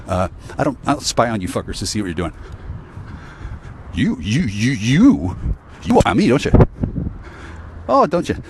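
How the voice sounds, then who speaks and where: A man's voice: mid-range voice, very animated, normal speed, long pauses, background noise. A man ranting in an angry, profane monologue to camera, rambling with stammered restarts and sighs, recorded outdoors on a city street. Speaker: vlogger.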